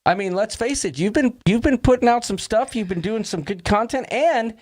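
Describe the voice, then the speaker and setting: A man's voice: high voice, lively intonation, moderate pace, a little mellow. A man hosting a casual livestream chat, jokey and upbeat, reading out viewers' names and throwing in puns. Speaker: host.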